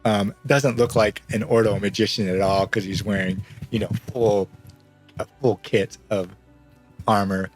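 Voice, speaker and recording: A man's voice: on the low side, steady tone, a little slow, faint music behind. A man narrating as game master in a tabletop game, loose and rambling and often laughing.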